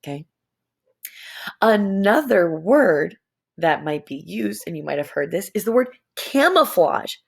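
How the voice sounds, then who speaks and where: A young adult woman teaching a lesson to young students, playful and animated, stretching words out. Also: medium pitch, unhurried, vocal fry, slightly rough.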